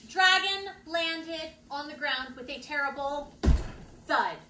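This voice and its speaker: A woman reading a picture book aloud to children, playful and expressive, with dramatic pauses and wry asides. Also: high-pitched, roomy sound, noisy background. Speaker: children's storytime reader.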